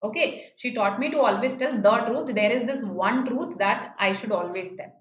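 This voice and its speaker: A woman's voice: on the high side, moderate pace. A woman with an Indian English accent teaching an online grammar lesson, explaining patiently and checking in with her students. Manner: explains patiently, repeats key phrases, checks with "right?". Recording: slightly dull, roomy, faint noise.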